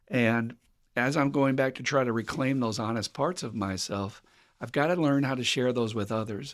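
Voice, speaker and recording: A man from the United States hosting a podcast about recovery, speaking frankly and bluntly as a sponsor, swearing and laughing often. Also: medium pitch. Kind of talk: candid podcast talk on recovery.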